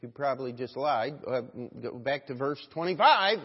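A male American pastor preaching a sermon in a church, moving from quiet reflection to loud, emphatic exhortation and often calling out "Amen?" to the congregation. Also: mid-range voice, expressive, normal speed, slightly rough. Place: church sanctuary. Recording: dull recording with long church reverb.

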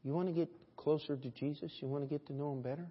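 Earnest pastor preaching in a reverberant hall. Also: male voice, fairly high pitch, fairly even intonation, quick pace, breathy edge. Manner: earnest, rhetorical questions, shifting between hushed and loud. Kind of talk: sermon. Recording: dull sound in a reverberant hall.

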